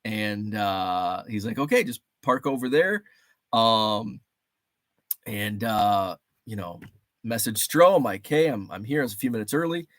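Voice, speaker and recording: A man's voice: fairly low pitch, lively intonation, unhurried, a bit bright, dry recording. Chatty man with a dry close sound. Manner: rambling, chatty, laughs often, reads chat aloud. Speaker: livestream host. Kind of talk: casual livestream chat.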